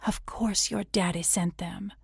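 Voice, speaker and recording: A gentle little girl, as a woman reader puts her on, speaking in a hushed, breathy near-whisper. Her words come slowly and carefully, close to a dry mic. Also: medium pitch, animated, dry recording, full character voice. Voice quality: soft, often whispered. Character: gentle little Southern girl, soft-spoken and cautious.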